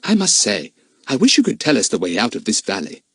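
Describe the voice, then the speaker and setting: A man voicing a cheerful, animal-loving young boy who talks in a brisk, chummy way. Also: lowish voice, huge pitch swings, breathy edge, no echo, studio quality, full character voice. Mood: amused.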